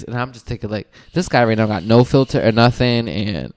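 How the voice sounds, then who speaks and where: A man hosting a podcast, telling a story in casual chat, animated, putting on the voices of people he quotes and laughing often. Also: lowish voice, fairly quick, few pauses, no room sound. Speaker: podcast host.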